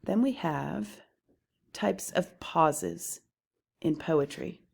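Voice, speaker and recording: A woman with a low voice teaches poetry terms from her slides. She speaks slowly and deliberately, pausing as she explains each term. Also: gravelly, darkish tone.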